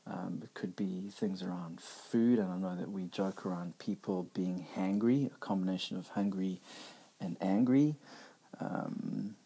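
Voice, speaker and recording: Low, steady and mellow with a breathy edge, this voice moves at normal speed with few pauses. It belongs to a middle-aged podcast host delivering a candid, reflective personal monologue in a conversational way, with many restarts.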